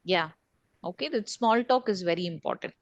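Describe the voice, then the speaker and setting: A woman's voice: on the low side, animated, normal speed, dry recording, highs cut off. A woman trainer leading an online session, repeating key points and asking the group questions. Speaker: corporate trainer. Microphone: video call.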